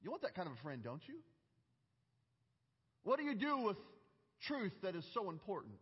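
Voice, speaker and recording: A middle-aged male pastor preaching a sermon with earnest, emphatic delivery and deliberate pauses. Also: sits high, huge pitch swings, husky, big-room sound, highs cut off.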